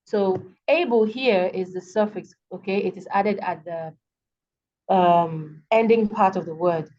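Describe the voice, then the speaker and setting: A woman's voice: mid-range voice, a little slow, a little mellow. A woman with a Nigerian accent teaching an English lesson, patiently repeating words to show stress and checking in with "okay". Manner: frequent fillers and checks with okay. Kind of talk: online class lecture. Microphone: video call. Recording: dull lo-fi video call audio.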